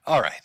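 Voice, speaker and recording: A man's voice: a bit bright, no room sound. A man hosting a live stream, commenting on clips in a mocking, profane way and laughing often. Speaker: livestream host.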